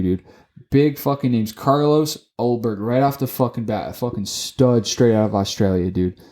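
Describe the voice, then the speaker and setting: A young man co-hosting a casual sports podcast, cursing freely and stumbling over his own words. His voice sits on the low side with a mellow tone. He talks in excitable bursts and repeats himself as he goes. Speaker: podcast co-host.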